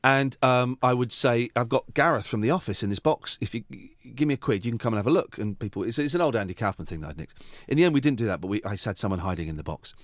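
A middle-aged man chatting in a podcast interview, his pitch rising and falling a lot as he talks. He tells his stories haltingly, stopping and restarting his sentences. The sound is dry and close to the mic, with no room around it. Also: expressive, no echo. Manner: hesitant, halting storyteller with many restarts. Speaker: radio host, podcast guest. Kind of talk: casual conversational interview.

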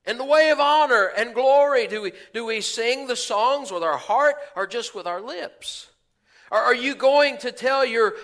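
Male pastor, folksy sermon delivery, higher bright voice, acts out quoted voices. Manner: folksy, preaching with rhetorical questions and asides.

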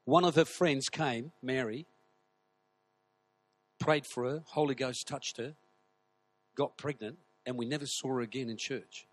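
A man preaching a sermon, telling stories with animated energy and shouting at the high points. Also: a little slow, long pauses. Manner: animated storytelling, shouting at peaks. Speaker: pastor.

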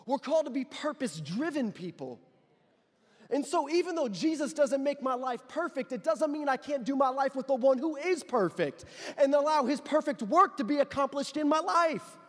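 A man preaching a sermon as pastor, impassioned and building to loud declarations with repeated phrases. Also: extremely high pitch, expressive, normal speed. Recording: long reverb of a large hall.

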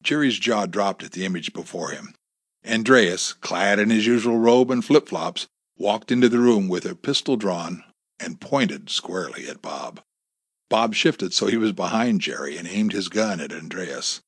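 Husky, expressive male audiobook narrator. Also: on the low side, moderate pace, no room sound, clean studio sound.

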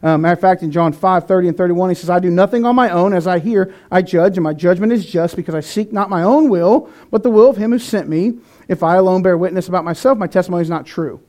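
High-voiced earnest male preacher. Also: fast, mellow. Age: adult, past eighteen. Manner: earnest, conversational preaching with restarts. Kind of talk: sermon.

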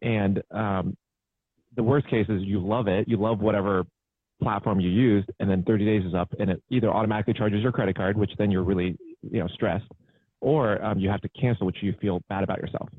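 Low, husky man on a tinny call. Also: steady tone, brisk, no echo. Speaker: entrepreneur guest. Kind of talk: casual conversational interview.

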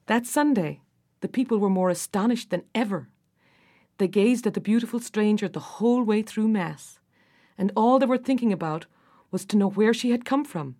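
A woman narrating a folk fairy tale in an unhurried storytelling manner. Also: medium pitch, warm tone.

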